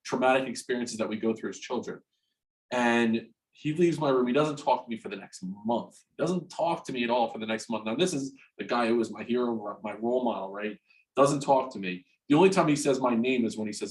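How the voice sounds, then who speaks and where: A man in his forties from New Jersey, a guest in an interview, telling a personal story frankly and haltingly, restarting and repeating words and swearing freely. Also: mid-range voice, poor audio. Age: 40s.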